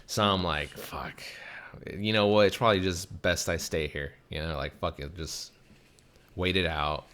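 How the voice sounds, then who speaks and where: A man's voice: low-pitched, measured pace, clear, resonant tone. A young man hosting a podcast, telling a casual, profanity-heavy story and acting out the people in it. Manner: animated, swears a lot, acts out quoted people. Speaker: podcast host.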